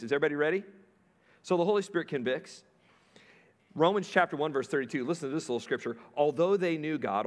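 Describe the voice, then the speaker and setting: Guy preaching, tells a story, keeps asking the crowd if they're with him. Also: medium pitch. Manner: storytelling, asks the congregation questions. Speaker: pastor. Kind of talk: sermon.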